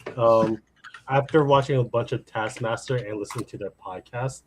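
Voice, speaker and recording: A man in casual chat, talking in a halting, stammering way. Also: medium pitch, a little hiss or hum.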